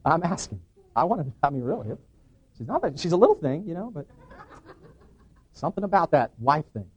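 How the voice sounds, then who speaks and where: A middle-aged man giving an animated testimony in church, acting out dialogue and restarting his sentences. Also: on the high side, moderate pace, pauses often, husky. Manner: excited, acts out dialogue, frequent restarts. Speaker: guest speaker giving testimony.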